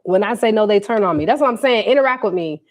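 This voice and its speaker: A woman's voice: mid-range voice, fast. A young woman, telling a casual storytime on a livestream and acting out what people said. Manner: animated, quotes people in put-on voices, talks to viewers. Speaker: livestream host.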